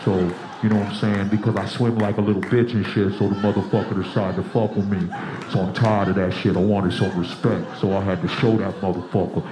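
A man voicing a stingray talking like a boastful street tough, low and gruff, in an echoey room. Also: little pitch movement, a little fast, background noise, natural voice. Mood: aggrieved boasting.

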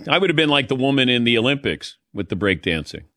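A man hosts a casual talk show in a dry, close studio sound, his pitch swinging widely as he tells stories. He laughs often and acts out the people in his anecdotes. His delivery stays chatty and relaxed. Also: quick pace, no room sound. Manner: storytelling, animated, laughs often. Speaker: sports talk show host. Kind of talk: casual radio show chat.

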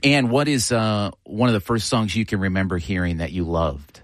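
A man's voice: fairly low pitch, moderate pace, no room sound, clean studio sound. A man in his fifties hosting an interview, effusive and enthusiastic toward his guest. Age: 50s. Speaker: host.

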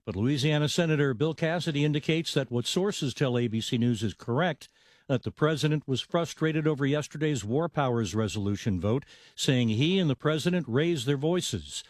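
A man's voice: mid-range voice, animated, no room sound. Man reading radio news, dry sound. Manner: crisp, measured news delivery. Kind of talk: newscast reading.

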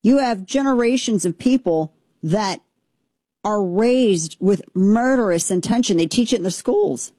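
A woman's voice: mid-range voice, animated, unhurried, dark tone, no echo. Impassioned woman, dry close sound. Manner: impassioned, emphatic, rambling with restarts. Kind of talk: opinionated commentary.

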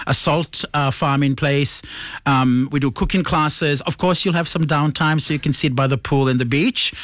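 A man from Fiji talks as a chef guest in a casual interview. He sounds enthusiastic and describes each dish in detail, at a mid pitch, with a dry, close sound and no room echo. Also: a bit bright.

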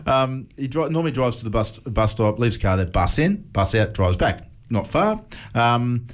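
A man's voice: medium pitch, moderate pace. An Australian man in his forties, co-hosting a casual radio show and telling stories with frequent laughs. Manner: storytelling, laughs often, animated retelling. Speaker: radio co-host. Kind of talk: casual breakfast radio chat.

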